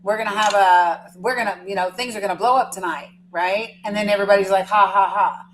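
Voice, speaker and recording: An American woman talks loosely to her live chat, wandering through a story and laughing at her viewers. Her voice sits at a middle pitch. A faint electrical hum runs underneath. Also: fast talker, rough recording. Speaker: live streamer. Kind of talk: casual live stream chat.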